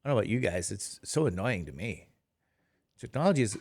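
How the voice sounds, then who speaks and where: A tired, sleepy middle-aged man gives a casual, rambling math lecture, dropping chatty self-deprecating asides. His voice is lowish and darkish, sing-song, and he talks fast.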